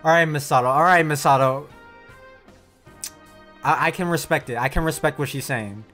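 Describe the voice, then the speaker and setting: A man reacting to an anime episode with casual commentary, loud and cursing. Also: fairly high pitch, normal speed, soft background music. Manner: heated, profane outbursts.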